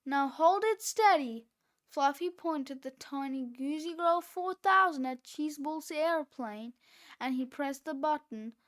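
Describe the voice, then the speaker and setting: Woman narrator for a kids' storybook, high voice, unhurried. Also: fairly bright tone. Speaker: children's book reader. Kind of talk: read-aloud storybook narration.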